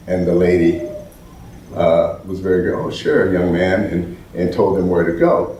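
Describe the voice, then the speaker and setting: An American man giving an animated storytelling talk at an event, restarting often and acting out the voices he quotes. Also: sits low, unhurried, slight background noise. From United States. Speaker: speaker at an event. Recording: roomy hall from far off.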